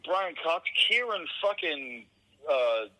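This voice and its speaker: A man's voice: on the high side, sing-song, slow, bright, forceful tone, rough recording. A man talking as a guest in a casual conversation, swearing often and arguing emphatically. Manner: profane, emphatic ranting.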